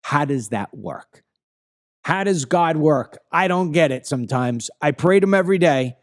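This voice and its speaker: A man in his fifties with a Long Island accent hosts a heated opinion monologue. He talks in a somewhat high voice and hammers his points home by repeating them. The sound is dry, with no room echo. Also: animated, normal speed. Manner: emphatic, ranting, repeats phrases. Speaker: commentary show host.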